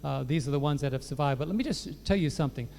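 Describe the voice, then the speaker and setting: A man gives his personal testimony to a congregation. He tells it with joking asides, in a voice a little higher than most men's. The sound rings with the long reverb of a large church hall. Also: quick pace, vocal fry, a little hiss or hum. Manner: warm storytelling, joking asides. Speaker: pastor sharing his testimony.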